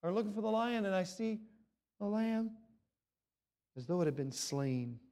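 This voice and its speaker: A pastor in middle age delivers a sermon in a notably high voice for a man. He preaches with drama, rising to loud exclamations and then dropping into low, hushed passages. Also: animated, moderate pace.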